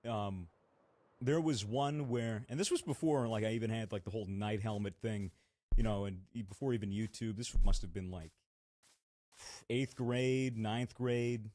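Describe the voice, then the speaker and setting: A man's voice: on the low side, moderate pace, warm tone, no room sound. A young man co-hosting a podcast, telling a long story in a rambling, casual way with many fillers and some swearing. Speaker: podcast co-host.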